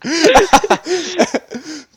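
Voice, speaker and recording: A man's voice: very high voice, big pitch swings, drawn-out words. A man co-hosting a podcast in casual chat, laughing often and retelling scenes with quoted lines over a video call. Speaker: podcast co-host.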